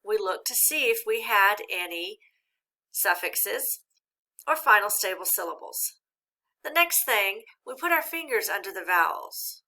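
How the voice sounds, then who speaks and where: A woman teacher giving a recorded reading lesson, speaking slowly and clearly and encouraging young learners. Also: mid-range voice, expressive, bright, forceful tone.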